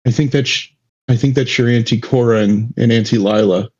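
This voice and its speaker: A man doing a shaken, breathy mermaid aunt. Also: medium pitch, steady tone, a little fast, a little mellow, highs cut off, natural voice. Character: weary grown mermaid aunt, shaken, blunt.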